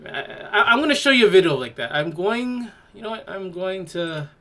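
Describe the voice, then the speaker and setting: A woman's voice: medium pitch, animated, moderate pace. A woman hosting a podcast, giving casual reaction commentary in a mocking, exclaiming way and laughing in disgust. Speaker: podcast host.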